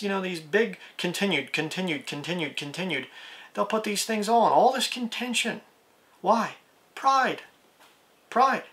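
A man's voice: high-pitched, a little slow, pushed and bright. A man preaching a plain-spoken video sermon, reading scripture aloud and asking his listeners rhetorical questions.

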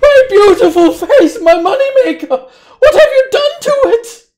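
Shrill, vain ship captain. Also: male voice, lively intonation, slow pace, heavily acted. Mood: outraged. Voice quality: shrill and theatrical. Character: vain, pompous male ship captain, shrieking. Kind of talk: tabletop game character voice.

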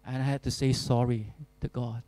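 A man preaching a sermon as pastor, earnest and deliberate, with emphatic repetition. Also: medium pitch, little pitch movement, mellow, dry recording, low-quality recording. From Singapore.

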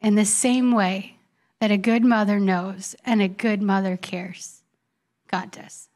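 A middle-aged woman pastor preaching a sermon, telling stories with quick laughs and dropping soft and slow for scripture. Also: mid-range voice. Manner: animated storytelling, laughs often, drops soft for scripture.

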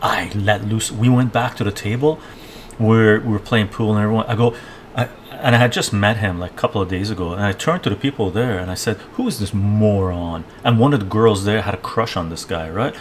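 A man's voice: fairly low pitch, a little fast, a little hiss or hum. A man hosting a casual live stream, ranting and rambling in a loose, conversational way and often tagging his points with "right?".

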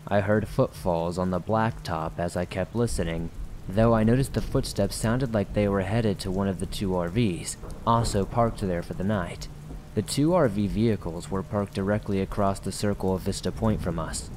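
A man's voice: low-pitched, moderate pace, darkish tone, a little hiss or hum. A man hosting a horror story podcast, reading viewer stories in a casual, conversational scripted narration.

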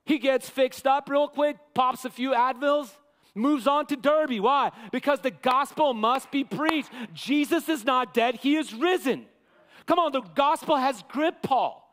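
A man preaching a sermon as pastor, impassioned, sometimes acting out quotes with rising shouts. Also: extremely high pitch, a little slow. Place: church sanctuary. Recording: long church hall reverb.

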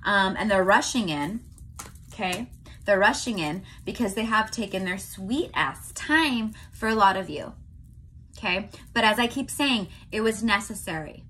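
A young woman from California giving a casual tarot reading to her viewers, chatty and often checking in with a quick "okay?". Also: medium pitch, lively intonation, a bit bright, slight background noise. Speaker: tarot reader.

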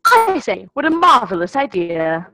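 A female acting student reading a gentleman's lines over a video call in a deliberate, posh-sounding way. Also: a little high, huge pitch swings, dry recording, poor audio. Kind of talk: reading a script aloud.

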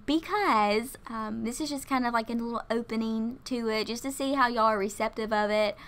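A woman's voice: on the high side, moderate pace, a bit bright, clear, resonant tone. A young woman giving casual, chatty commentary while playing a life-simulation game, giggling often and calling her viewers "y'all". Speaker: gaming YouTuber. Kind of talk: casual let's-play commentary.

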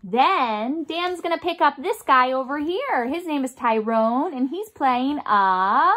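A woman's voice: high voice, lively intonation, slow pace, fairly bright tone. A woman music therapist leading young children in a remote lesson, talking in a sing-song, coaxing way and imitating instruments with her voice. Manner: sing-song, coaxing teacher talk with call-and-response.

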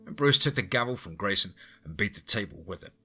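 A man narrating a horror story in a steady, even storytelling manner. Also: fairly low pitch, fast talker, slightly rough. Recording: faint music bed.

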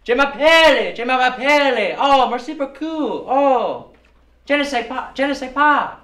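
A man's voice: extremely high pitch, animated, a little slow, sharp tone, full character voice. A man playing a cheerful, cocky struggling actor who boasts and mangles French words. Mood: eager. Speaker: actor in a student film. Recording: echoey room from far off.

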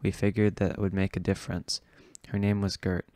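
Deep flat-voiced man reading a novel. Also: moderate pace, dry recording, clean studio sound. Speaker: audiobook reader.

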